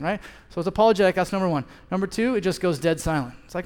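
A man's voice: sits high, lively intonation, fast talker, hardly any pauses, darkish tone. A man in his thirties preaching a sermon as a pastor, telling a story and acting out both sides of the conversation. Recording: long hall reverb.

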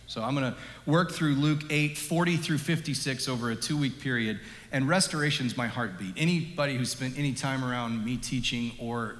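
A man in his thirties preaching a sermon as pastor, conversational and jokey, telling stories with animated swings in his voice. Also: medium pitch. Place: church sanctuary. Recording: long hall reverb.

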